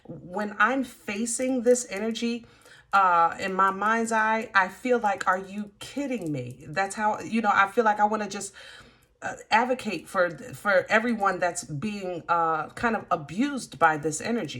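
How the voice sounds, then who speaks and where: A woman's voice: mid-range voice, unhurried, a bit bright. Chatty woman giving a tarot reading. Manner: chatty, emphatic, with many fillers. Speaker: tarot reader. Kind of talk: casual tarot reading to camera.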